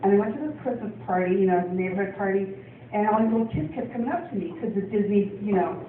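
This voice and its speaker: A fast-talking woman from Portland, Oregon, rambles through a stand-up set full of ums and laughs, her voice mid-range. The club recording sounds distant, echoey and phone-like, with slight background noise.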